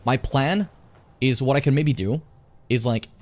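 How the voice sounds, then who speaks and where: A man's voice: mid-range voice, a little slow, faint music behind. A man streaming a fantasy role-playing game, chatting and joking with his viewers as he plays. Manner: animated, joking, talks to chat. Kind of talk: casual gameplay commentary.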